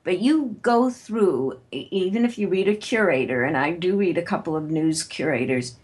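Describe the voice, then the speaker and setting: A woman's voice: on the low side, husky. Confident woman giving networking advice. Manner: confident, brisk, lively teaching tone. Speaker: guest, networking author and speaker. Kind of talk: interview answer, advice.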